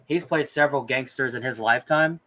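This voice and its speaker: A man's voice: mid-range voice, a little fast, sharp tone. Chatty man cohosting a podcast. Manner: loose and chatty, casual swearing, many fillers. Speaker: podcast co-host. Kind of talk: casual podcast chat.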